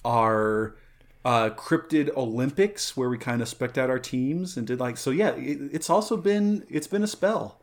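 A man's voice: medium pitch, animated, a little slow. A man playing in a comedic tabletop game on a podcast, talking in a rambling, hesitant way with many fillers. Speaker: player. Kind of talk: casual podcast chat and role-play.

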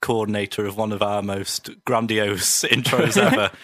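A man's voice: fairly low pitch, steady tone, normal speed, fairly bright tone, dry recording, clean studio sound. A man co-hosting a comedy radio show, telling absurd stories and giggling as he goes. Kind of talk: comic banter.

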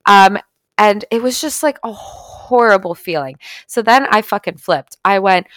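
A young woman telling a personal story in a casual, animated way, full of "like" and "literally" and swearing. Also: mid-range voice, a little slow, dry recording.

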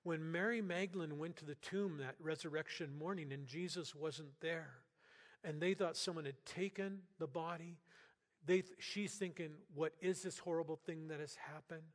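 An older man preaching a sermon as pastor in a church, talking to the congregation in an earnest, conversational way with bursts of loud emphasis. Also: on the high side, normal speed. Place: church sanctuary. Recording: long hall reverb.

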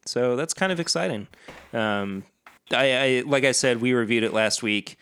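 A podcast co-host chats casually in a mid-range voice that's fairly bright, clear, and resonant. His intonation is lively and his pace moderate, and he talks loosely, full of fillers and restarts.

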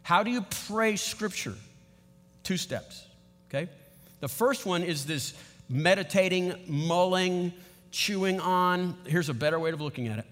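Middle-aged male pastor, high voice, chatty and animated, quizzes his congregation, long hall reverb. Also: measured pace. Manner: conversational, animated, asks the audience questions. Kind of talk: sermon.

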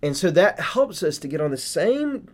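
A man's voice: a little high, sing-song, moderate pace. A man hosting a casual faith podcast, earnestly explaining his points step by step. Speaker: podcast host.

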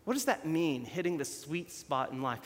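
Chatty preacher in a big echoing hall. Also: male voice, a little high, big pitch swings, normal speed. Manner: chatty, self-deprecating, shows props while talking. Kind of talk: conversational sermon.

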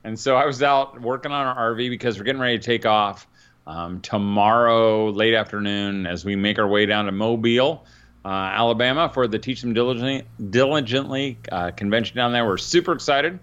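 A man's voice: mid-range voice, fairly quick, fairly bright tone, clear, resonant tone. A tired middle-aged man co-hosting a podcast in casual chat, rambling with lots of fillers. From northern Indiana. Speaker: podcast co-host, father. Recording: dull lo-fi sound.

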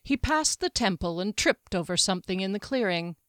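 Brief: female audiobook narrator, measured fantasy reading, dry close sound. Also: medium pitch, animated, no room sound.

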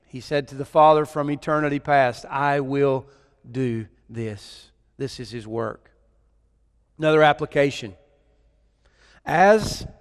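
A man preaching in a church sanctuary, his voice sitting a little higher than most men's. He speaks slowly and deliberately, leaning on repeated words for emphasis. A long reverb from the hall trails behind each phrase. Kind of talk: sermon.

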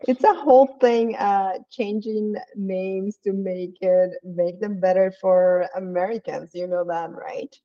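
A woman from France, chatting casually, laughing often and pausing on fillers. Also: mid-range voice, fairly even intonation, lo-fi sound. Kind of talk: casual comedic chat.

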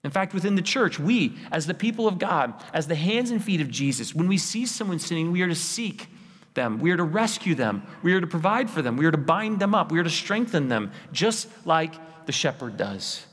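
A man's voice: a little high, very animated, brisk, fairly bright tone, slightly rough. A man preaching a sermon as pastor, in an earnest, pleading tone with repeated rhetorical lists. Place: church sanctuary. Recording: church hall with long reverb.

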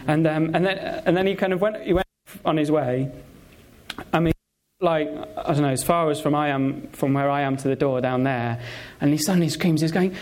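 A man preaches in a relaxed, conversational way. He pauses often and restarts his phrases, with lots of fillers. His voice sits a little higher than most men's. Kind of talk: sermon with personal stories.

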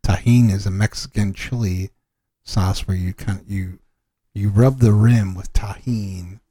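A man's voice: on the low side, fairly even intonation, a little slow, dark tone, no room sound, clean studio sound. A man co-hosting a casual podcast chat, easygoing and rambling. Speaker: podcast co-host.

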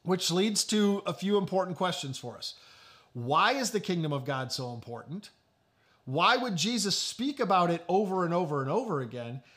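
Male preacher, high and animated voice, emphatic delivery with repeated phrases. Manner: emphatic, repeats key phrases, slows for stress. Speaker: pastor. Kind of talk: sermon.

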